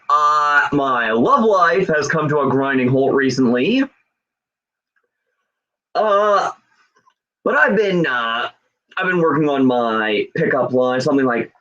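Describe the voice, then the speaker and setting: A man delivers a stand-up set in a slow, deadpan way, stumbling over fillers. His voice sits high and moves around a lot. The recording is dull and lo-fi. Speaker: stand-up comic. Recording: dull lo-fi sound.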